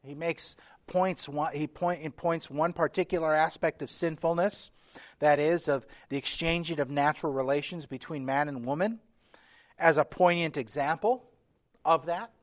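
A man's voice: fairly high pitch, normal speed. A man preaching a sermon as pastor, earnest and emphatic, reading scripture aloud with feeling. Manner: earnest preaching, building emphasis with repeated phrases.

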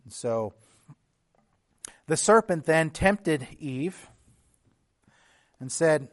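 A man preaching a sermon in an earnest, teaching tone. His voice sits a little higher than most men's, and he sometimes restarts a phrase or clears his throat as he goes. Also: lively intonation, very slow, pauses often. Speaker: pastor.

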